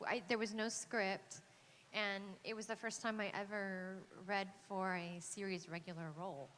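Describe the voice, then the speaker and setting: A woman from Texas tells a story on a convention panel, pausing on fillers and starting over. Her mid-range voice rings out in a large echoey hall. A faint hum of noise sits underneath. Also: mid-range voice, level tone, a bit bright. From Texas, USA. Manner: hesitant, lots of fillers and restarts, laughs often. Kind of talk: casual anecdote.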